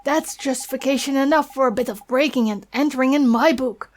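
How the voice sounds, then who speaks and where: Woman voicing a cocky little fairy guy, slangy, blunt, fairly high. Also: fairly quick, faint music behind, natural voice. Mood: cheeky. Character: cheeky little male fairy sidekick. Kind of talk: reading game dialogue aloud.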